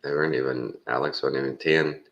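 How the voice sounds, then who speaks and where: A man's voice: a bass voice, steady tone, a little fast, a bit bright, highs cut off. A Texan man in his fifties telling a rambling, folksy story with frequent chuckles. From Texas. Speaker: vlogger. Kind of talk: casual storytelling.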